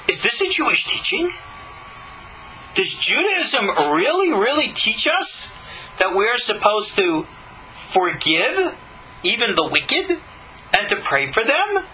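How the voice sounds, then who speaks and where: A man teaching scripture from a Torah point of view, speaking emphatically and posing rhetorical questions with dramatic pauses. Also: sits high, sing-song, bright, forceful tone, a little hiss or hum, low-quality recording. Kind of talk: live-streamed Torah lesson.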